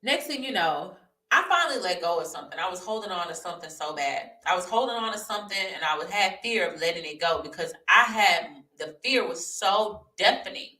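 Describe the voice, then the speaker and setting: Fervent young woman, bright and echoey. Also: lowish voice, expressive, fairly quick, recorded from a distance. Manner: fervent, addresses viewers as y'all, repeats phrases. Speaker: vlogger sharing her testimony. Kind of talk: emotional personal testimony to camera. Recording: echoey room, voice off-mic.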